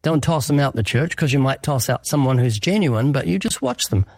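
A man of medium pitch talks fairly quickly in an animated, creaky, darkish voice, recorded at studio quality with no room sound. He's an evangelist guest giving an interview answer that preaches earnestly and emphatically, acting out short quoted exchanges.

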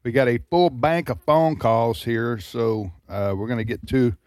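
A man's voice: medium pitch, measured pace, a little mellow, dry recording. Joking male radio host, dry studio. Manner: jokey, rambling with fillers. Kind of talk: casual on-air banter.

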